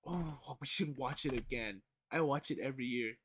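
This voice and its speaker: A man's voice: medium pitch, moderate pace, a bit bright, a little hiss or hum. A young man streaming casual reaction commentary, rambling with many fillers and the odd swear word.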